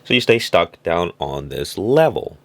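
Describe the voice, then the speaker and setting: A man's voice: low voice, big pitch swings, a little slow, dry recording. A man giving a reflective motivational monologue, illustrating his points with little stories and acted-out voices. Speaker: self-help speaker.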